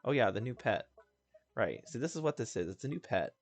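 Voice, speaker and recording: A man's voice: medium pitch, sing-song, a little fast. A man casually chatting and rambling while playing a game, laughing often and joking about himself. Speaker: gaming video host. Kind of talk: casual let's-play commentary. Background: faint game music.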